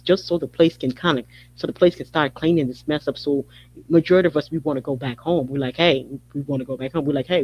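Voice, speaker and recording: A man's voice: fairly high pitch, breathy edge, dull audio. A man hosting a podcast, delivering a heated, repetitive rant. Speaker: podcast host. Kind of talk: angry monologue.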